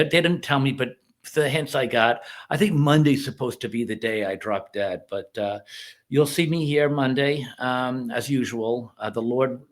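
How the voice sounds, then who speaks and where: A middle-aged man speaks as a reverend in a casual video, reviewing a film. His delivery is earnest but rambling, full of halting starts. His voice sits in an ordinary middle pitch.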